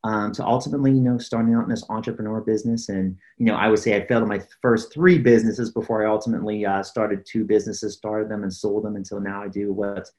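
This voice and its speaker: A man's voice: on the low side, steady tone, fast talker, hardly any pauses, darkish tone. A man who coaches leaders, talking as an interview guest and telling stories earnestly, with many fillers. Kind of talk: casual interview storytelling.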